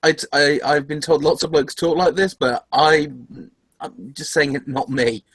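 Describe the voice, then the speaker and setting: A man hosts a loose podcast chat in a slightly higher voice. He laughs easily and restarts his sentences often. The mic sound is close and dry. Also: a little slow, no echo, poor audio. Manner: giggly, stumbling restarts. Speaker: podcast host. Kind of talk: casual chat.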